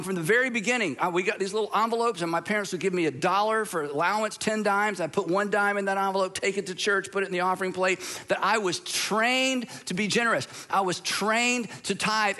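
A man's voice: sits high, pushed and bright. A middle-aged man from the southern United States preaching a sermon, earnest and conversational, telling stories with frequent restarts. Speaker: pastor.

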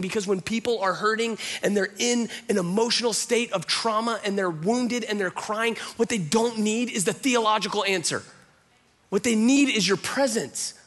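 A man's voice: high voice, fairly bright tone. A man preaching a sermon, talking conversationally and with strong emphasis, often acting out quotes. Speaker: pastor.

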